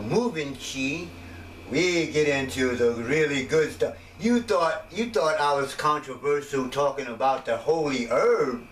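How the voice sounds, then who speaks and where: A man's voice: a little high, fairly bright tone. A man giving a rambling, jokey casual monologue about his wellness system, slipping into voices now and then. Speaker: self-made wellness teacher. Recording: echoey room, mic at a distance, faint noise.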